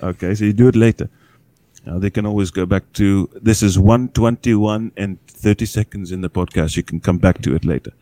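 With a lowish, mellow voice and a brisk pace, a man explains cryptocurrency as a guest on a small-group podcast. His chatty, folksy explanation is peppered with check-ins of "okay?".

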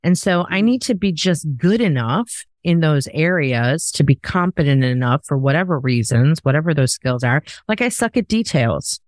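A woman's voice: deep voice, expressive, normal speed, hardly any pauses, dry recording. A woman hosting a podcast in casual conversation, talking in an emphatic, coaching way. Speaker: podcast host.

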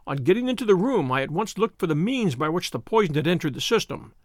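A man voicing a sharp-witted detective in an audiobook, speaking quietly, dryly and precisely. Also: sits high, big pitch swings, fast, dry recording, studio quality. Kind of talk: audiobook character voice.

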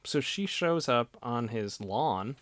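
A woman with a strikingly deep, low voice co-hosts a casual podcast and retells movie scenes in a laid-back, agreeable way. Her voice is recorded close and dry, with no room sound. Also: animated, slow pace, no room sound. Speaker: podcast co-host. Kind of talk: casual movie-review chat.

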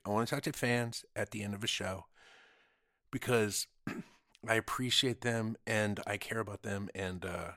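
A man's voice: on the low side, dry recording, studio quality. A man telling stories in casual chat, swearing a lot and acting out what people said to him. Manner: animated, acts out quotes, swears, says dude. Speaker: podcast guest.

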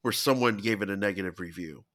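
A man's voice: fairly low pitch, fast, a bit bright. A man co-hosting a podcast, chatting casually and enthusiastically with a playful edge. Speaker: podcast co-host. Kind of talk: casual chat.

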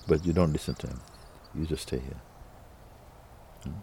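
A male spiritual teacher speaking to a listener in a gentle, playful way, laughing often and using nonstandard English grammar. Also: very deep voice, fairly even intonation, brisk, pauses often, slight background noise. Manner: gentle, playful, laughs often, repeats "you see" and "huh".

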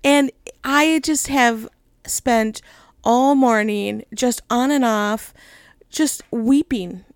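Woman, middle-aged, ministry leader, candid emotional talk, frequent laughs, slightly high gravelly voice. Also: drawn-out words, no echo, studio quality. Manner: emotional, laughing often, rambling with "right?" tags.

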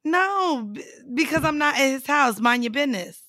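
A woman with a high, bright voice talks in a blunt, teasing and profane way as a podcast co-host. The sound is close and dry. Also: expressive, normal speed, no room sound. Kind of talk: casual chat. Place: her house.

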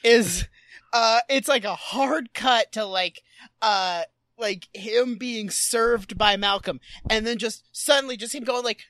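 Bright, dry-sounding woman podcaster. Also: fairly high pitch, a little slow, no echo. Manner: animated, acts out characters' lines. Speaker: podcast co-host. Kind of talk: casual chat recapping a TV episode.

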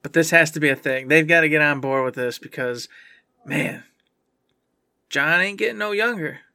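A man's voice: a little high, normal speed, sharp tone, dry recording, studio quality. A man co-hosting a casual podcast, emphatic and joking, with hype-man energy. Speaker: podcast co-host.

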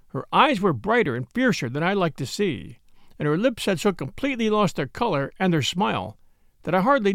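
A man narrating a classic novel as an audiobook, telling it in an expressive storytelling manner. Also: high voice, vocal fry, no room sound, clean studio sound.

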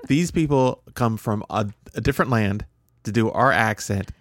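A man's voice: fairly low pitch, a little slow, dry recording, clean studio sound. A man co-hosting a podcast, talking in a casual, rambling and blunt way with jokes and restarts. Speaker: podcast co-host. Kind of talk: casual chat.

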